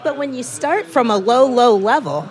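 A woman's voice: on the high side, big pitch swings, normal speed, a little mellow. A woman from Indiana, a chief economist, answering interview questions in a cafe with emphatic repetition. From Indiana, USA.

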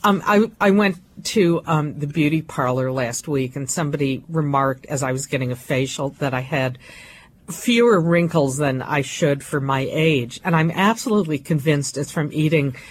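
A woman who writes about food chats casually on a show. Her voice is very low for a woman, and she jokes in a playful, deadpan way. Faint noise sits behind her. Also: normal speed. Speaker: food writer, regular contributor. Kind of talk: casual chat.

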